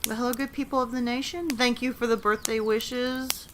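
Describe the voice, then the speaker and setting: A woman's voice: fairly high pitch, steady tone, moderate pace, noisy background. Chatty, giggly woman hosting a livestream. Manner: chatty, giggly, talks to chat. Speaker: livestream host. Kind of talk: casual livestream chat, reading horror stories.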